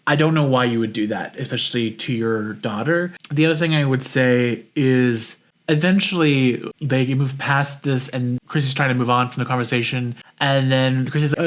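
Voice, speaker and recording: A man's voice: medium pitch, moderate pace, few pauses. Man musing on a solo podcast. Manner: conversational, reflective, restarts mid-sentence. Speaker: podcast host. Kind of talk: casual solo commentary.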